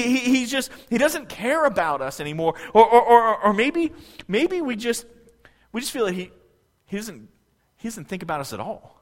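Guy preaching a sermon, fairly high voice, chatty, keeps asking the crowd questions, long hall echo. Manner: conversational, asks the congregation questions, many restarts. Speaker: pastor. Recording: long reverb of a large hall.

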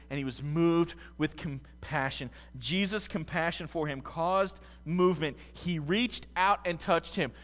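In a large hall, a US pastor with a slightly high voice preaches, shifting from hushed musing to loud, fervent passages.

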